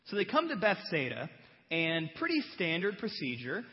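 A man delivers a Bible teaching sermon in a conversational, animated way, tossing out rhetorical questions and jokes. His voice is high and swings widely, and the muffled recording rings with a long hall reverb. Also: normal speed. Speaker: preacher.

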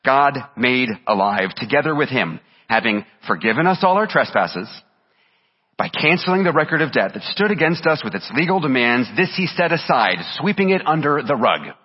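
A man's voice: medium pitch, very animated, normal speed, slightly rough, in a large hall, lo-fi sound. A man preaching a sermon as pastor, reading scripture aloud with earnest emphasis.

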